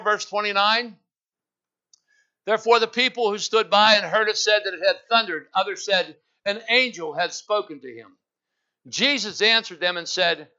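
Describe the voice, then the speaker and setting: A man preaching a sermon, building to loud fervent peaks and calling out to the congregation. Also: high-pitched. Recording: dull lo-fi sound.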